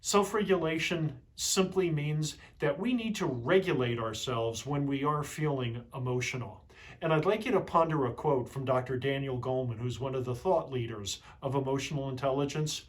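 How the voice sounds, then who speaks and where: A middle-aged man teaching leadership skills in a measured, explanatory way, posing rhetorical questions to his viewers. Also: mid-range voice. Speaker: leadership trainer. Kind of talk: instructional talk to camera.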